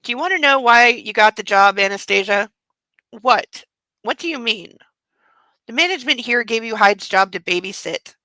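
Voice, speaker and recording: A woman reading the lines of a possessive, controlling young rich man in a plain, hushed read-aloud voice. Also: a little high, animated, moderate pace, no room sound, low-quality recording. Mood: intense.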